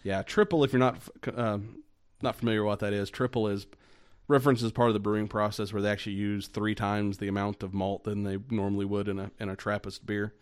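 A man co-hosting a podcast in casual chat, easygoing and halting, often restarting his sentences. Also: on the low side, flat delivery, smooth. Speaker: podcast co-host.

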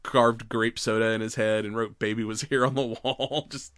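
A man co-hosting a podcast, retelling movie scenes in a casual, animated way and laughing often. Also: lowish voice, moderate pace, no echo, studio quality. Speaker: podcast co-host. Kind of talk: casual movie recap chat.

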